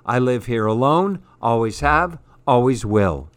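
A man reading a storybook, voicing a grumpy man who insists on living alone on his hill, speaking gruffly. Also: mid-range voice, lively intonation, unhurried, no echo, lightly acted. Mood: stubborn.

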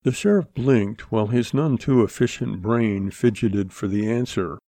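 A man narrating a western audiobook in a measured, plain storytelling delivery. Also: fairly low pitch, dark tone, dry recording, studio quality. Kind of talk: scripted narration.

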